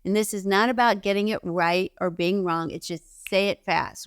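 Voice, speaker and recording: A woman's voice: medium pitch, fairly even intonation, normal speed, clear, resonant tone, dry recording, studio quality. A woman giving an instructional self-help talk to camera, emphatic, repeating key phrases and giving direct instructions. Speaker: intuition teacher.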